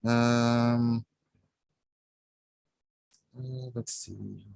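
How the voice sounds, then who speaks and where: Slow, measured spoken-word poet. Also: mid-range voice, steady tone, gravelly, darkish tone. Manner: measured, rhythmic recitation with searching pauses between poems. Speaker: open mic poet. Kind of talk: poetry reading. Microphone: video call.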